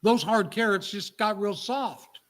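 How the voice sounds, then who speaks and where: A man's voice: high-pitched, a little slow, voice pushed up. A man voicing a weary young married woman who is overwhelmed and exasperated, sighing and complaining as he tells a story.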